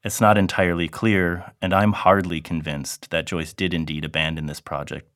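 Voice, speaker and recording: Low-voiced guy reading a lecture, steady and deliberate, very dry sound. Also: no room sound. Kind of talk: read academic lecture.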